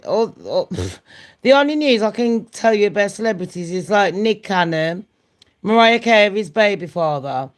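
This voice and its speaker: A woman, hosting her channel and gossiping in a loose, profane way, often laughing at her own jokes. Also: mid-range voice. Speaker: channel host. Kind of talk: casual gossip chat.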